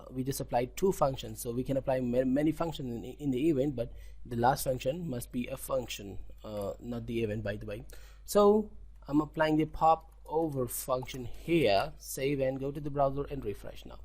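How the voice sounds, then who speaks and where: Man, indian accent, coding tutorial, mid pitch, repeats and corrects himself. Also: darkish tone. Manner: halting, self-correcting, repeats words, frequent "okay?". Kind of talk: screen-recorded coding tutorial.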